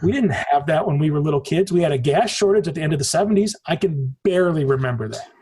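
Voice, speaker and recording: Speaking fast with lively intonation, a forties-aged man from the U.S. guests on a podcast, telling rambling, emphatic stories and cursing freely in casual conversation. His voice is a little high, mellow, and slightly rough.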